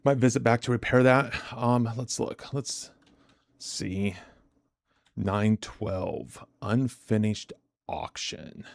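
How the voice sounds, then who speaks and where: A man's voice: medium pitch, slow pace, vocal fry, no echo. Chatty man hosting a dry live stream. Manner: chatty, repeats words and restarts often; animated storyteller. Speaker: trading live-stream host. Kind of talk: casual live-stream commentary.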